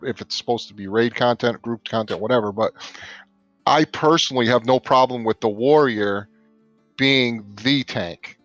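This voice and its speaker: A man joining a stream as a guest over a remote call, chatting in an excited, animated way. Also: mid-range voice, dry recording. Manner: excited, animated, talks in bursts. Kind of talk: casual chat. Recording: dull, dry call audio.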